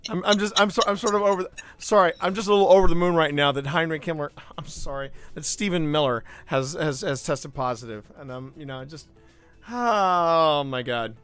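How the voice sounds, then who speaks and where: A bright, fairly high male voice hosting a casual gaming stream. He chats along loosely, laughing and correcting himself mid-sentence, with faint music underneath. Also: fast talker, clean tone. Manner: animated, laughing asides and self-corrections. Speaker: stream host. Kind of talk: casual live-stream chat while gaming.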